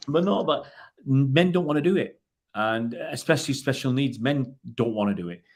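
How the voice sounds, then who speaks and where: A man's voice: medium pitch, expressive, normal speed. Rambling middle-aged man telling jokey stories. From England. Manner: rambling, jokey anecdotes with many restarts. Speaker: co-host. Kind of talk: casual chat.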